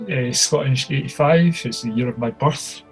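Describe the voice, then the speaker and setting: A man's voice: mid-range voice, normal speed, soft background music. A man in his thirties co-hosting a podcast, chatting casually in an enthusiastic, rambling way and restarting his sentences. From outside the United States. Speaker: podcast co-host.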